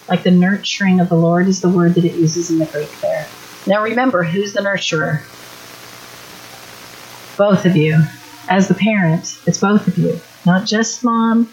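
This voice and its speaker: A woman's voice: fairly low pitch, normal speed, a little mellow, slight background noise. A middle-aged woman giving an earnest, direct church teaching talk at a parenting workshop. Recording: dull lo-fi recording.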